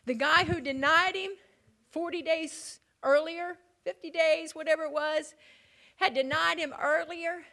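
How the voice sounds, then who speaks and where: A woman preaching a sermon, telling the story dramatically, dropping to near whispers and building to loud emphatic peaks. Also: very high-pitched, steady tone, a little slow.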